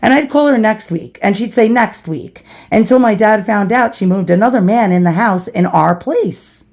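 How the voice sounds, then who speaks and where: A storytelling vlogger from New York City shares a personal story in a chatty, casual way, voicing the people she quotes. Her voice is medium-pitched with a somewhat dark tone, and she speaks at a moderate pace.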